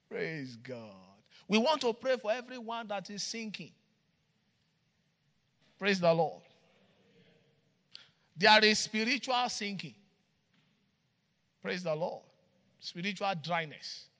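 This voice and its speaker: A male pastor preaching and leading fervent prayer, often shouting and repeating each line. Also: sits high, long reverb tail.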